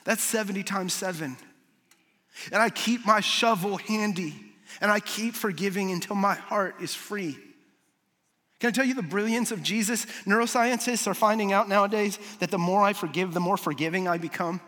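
Guy pastor preaching, high bright voice, big hall reverb, animated then drops soft and low. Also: moderate pace. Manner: animated storytelling, dropping low and soft for emphasis. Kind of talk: sermon. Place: large hall with audience. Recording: long reverb of a large hall.

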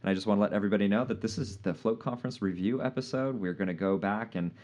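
A relaxed man hosts a live podcast with a fairly low voice. He chats loosely with his guests, laughs easily and leans on "uh" while he thinks. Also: racing. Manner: easygoing, laughs often, many "uh" fillers. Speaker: podcast host. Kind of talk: casual live podcast chat.

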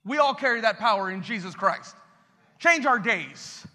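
A pastor preaching with call-and-response energy, leading prayer and urging the congregation to repeat after him. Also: male voice, high-pitched, lively intonation, moderate pace, pushed and bright. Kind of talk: sermon. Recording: long reverb in a hall.

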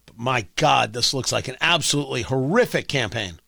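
A man with an East Coast American accent hosts a talk radio show, firing off an opinionated, sarcastic, jokey monologue into a close studio mic. His medium-pitched voice moves fairly quickly, carries vocal fry, and sounds animated on a dry recording.

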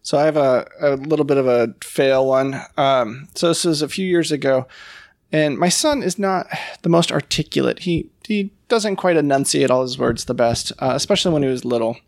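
A man's voice: mid-range voice, moderate pace, no echo. A man telling a family story in a casual podcast chat, with frequent ums and likes. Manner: chatty anecdotal storyteller with filler words.

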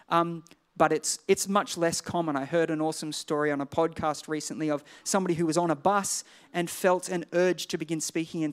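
A pastor giving a sermon in a bright, higher-pitched voice. He talks to the congregation as if chatting with friends, lively and energetic, tossing in quick asides.

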